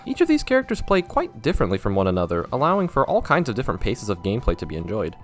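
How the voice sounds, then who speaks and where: A young man narrates a scripted game review with a lowish voice that swings up and down in animated bursts. His delivery is sarcastic and self-mocking, full of wry asides. Light music sits faintly underneath. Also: racing. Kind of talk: scripted video essay commentary.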